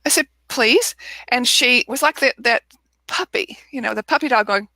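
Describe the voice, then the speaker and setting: Woman, animated storyteller, bright clear tone, dry close sound, video call. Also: on the high side, moderate pace, no room sound. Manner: animated storyteller who acts out quoted people. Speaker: author and guest. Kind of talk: casual interview storytelling.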